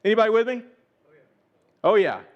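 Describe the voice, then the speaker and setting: A pastor delivers his sermon in a fairly high voice, speaking to the congregation as if chatting with them. He circles back with rhetorical questions and repeats his phrases as he builds each point. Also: big pitch swings, moderate pace, highs cut off. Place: church service.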